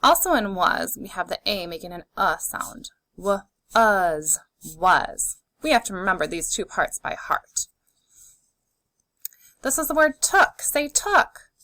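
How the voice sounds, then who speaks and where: A woman teaching a phonics lesson to young children, sounding out words slowly and clearly and encouraging them. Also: medium pitch, sing-song, pushed and bright, no room sound.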